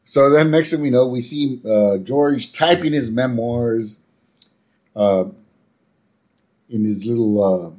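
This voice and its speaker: A man's voice: mid-range voice, slow, long pauses, darkish tone. A man co-hosting a podcast, casually recapping a cartoon episode and playfully acting out the characters' lines. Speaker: podcast co-host.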